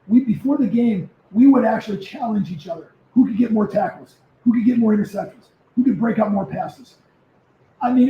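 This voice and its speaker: Animated older man with a high voice telling stories. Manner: animated storyteller who repeats words. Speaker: guest, former pro football player. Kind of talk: casual storytelling interview. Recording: echoey, muffled remote audio.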